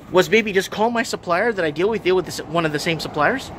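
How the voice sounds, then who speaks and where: A fairly high-voiced man in his thirties vents to his camera from his half-finished shop. He rambles, circles back and repeats himself in an exasperated, casual vlog rant. A faint hum of noise sits behind him. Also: expressive, fast, hardly any pauses, a bit bright. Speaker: vlogger and shop owner. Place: shop under renovation.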